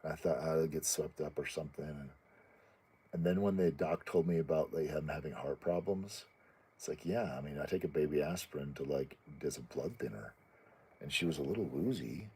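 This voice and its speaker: A man with a very low, husky voice talks through viewer questions in loose, unscripted chat. His tone is dark and mellow, and he stops and restarts sentences often. Now and then he jumps up into a squeaky voice to act out his pets. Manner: rambling, halting, many restarts and fillers; acts out pet voices in a high squeaky tone. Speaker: channel host answering viewer questions. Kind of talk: casual chat.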